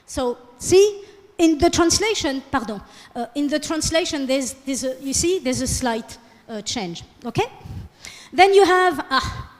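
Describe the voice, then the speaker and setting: Lecturing in a classroom with long hall reverb, a woman with a high, lively voice teaches French at a measured pace. She alternates English and French, drawing the class out with questions.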